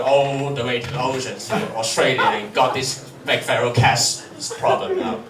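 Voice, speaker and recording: A man's voice: medium pitch, expressive, normal speed, hardly any pauses. A young man telling crude comic stories and laughing at his own jokes, in a roomy, distant recording with faint noise. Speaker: comedy vlogger. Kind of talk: rambling comic monologue.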